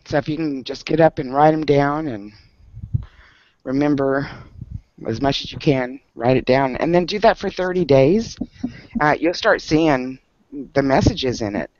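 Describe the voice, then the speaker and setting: A man's voice: mid-range voice, unhurried, pauses often, no echo. A man at a book club meeting, telling a story in casual group talk and laughing often. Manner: animated storyteller, laughs often, many fillers. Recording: dull lo-fi sound.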